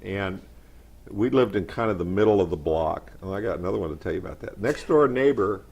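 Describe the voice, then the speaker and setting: Man telling lively showbiz anecdotes. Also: sits low, fairly quick, creaky, breathy edge, highs cut off. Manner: animated, relishes trivia. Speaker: guest storyteller. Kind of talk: casual anecdotal chat.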